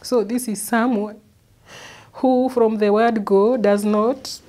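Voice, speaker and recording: Woman, mellow halting testimony. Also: on the high side, steady tone. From Kenya. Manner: earnest, halting, repeats words as she recalls. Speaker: interview guest. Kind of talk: personal testimony.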